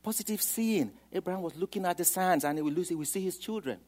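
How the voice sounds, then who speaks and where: A man preaching a sermon, swinging from quiet, low asides to loud, emphatic declarations. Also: expressive, fast talker. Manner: dramatic, swings from soft to loud, acts out quoted voices.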